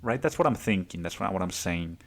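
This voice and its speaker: A man with a fairly low voice tells a story on his podcast in a loose, rambling monologue. He swears freely and drops "dude" into almost every phrase. Now and then he jumps into quick put-on voices for the people in the story. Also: expressive, gravelly, a bit bright. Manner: acts out other people's lines in quick voices. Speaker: podcast host.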